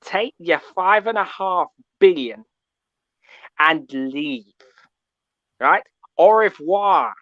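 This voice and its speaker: A man's voice: high-pitched, animated, slow, long pauses, sharp tone, dry recording, highs cut off. A man calling in to a fan show, ranting and tagging his points with "yeah?". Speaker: caller. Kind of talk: call-in fan rant.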